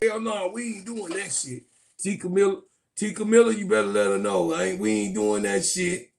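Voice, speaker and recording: A man giving loud, profane, joking sports commentary, laughing and calling out to his viewers. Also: high-pitched, big pitch swings, moderate pace, creaky. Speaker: sports vlogger. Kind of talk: casual comedic sports commentary.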